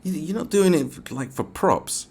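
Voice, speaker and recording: A man's voice: fairly high pitch, animated, moderate pace, a little mellow, slightly rough. A man with a British accent hosting a podcast, ranting in a casual, profane, sarcastic way. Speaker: podcast host.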